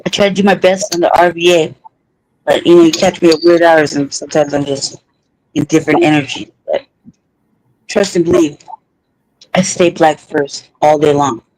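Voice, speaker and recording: A man's voice: a little high, steady tone, moderate pace, long pauses, a little mellow, no echo, poor audio. Heated man ranting on a podcast, swears a lot, restarts his sentences, dry close sound. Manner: angry, emphatic, profane, rambling with restarts. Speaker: podcast co-host. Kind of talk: heated casual talk.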